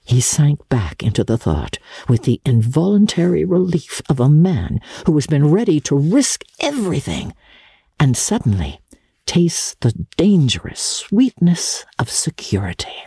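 An audiobook narrator giving a measured, expressive reading of classic literary fiction into a studio microphone. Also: mid-range voice, husky, no room sound.

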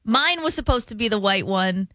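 A woman's voice: on the high side, moderate pace, dry recording. A young woman hosting a radio show, chatting casually and acting out quotes as she tells stories, in a studio. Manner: animated storyteller, acts out quotes. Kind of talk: casual on-air banter.

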